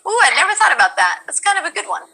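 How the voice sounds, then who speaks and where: A woman voice actor chatting casually on a stream, animated and chatty. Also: extremely high pitch, rapid-fire, vocal fry, a little hiss or hum, rough recording. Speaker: voice actor guest.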